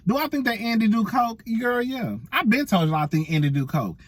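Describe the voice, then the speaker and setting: Sassy high-voiced man dishing gossip. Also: big pitch swings, brisk, dry recording. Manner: sassy and chatty, calls viewers girl and y'all; laughs often while talking. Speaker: celebrity gossip vlogger. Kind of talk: casual reality-TV commentary.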